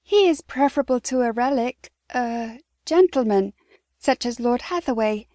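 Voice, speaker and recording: A woman's voice: fairly high pitch, lively intonation, moderate pace, warm tone, dry recording, clean studio sound, close to an everyday voice. A woman voicing a practical younger sister in an audiobook, persuasive and light. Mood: coaxing. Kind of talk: audiobook character voice.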